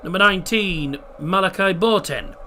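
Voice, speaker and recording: Chatty Teesside man, fairly high voice. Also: normal speed, a little hiss or hum. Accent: Teesside English. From Middlesbrough, England. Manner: easygoing, chatty, hesitant with ums and restarts, reads team lineups in a steady list. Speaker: watchalong host. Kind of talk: casual live football watchalong chat.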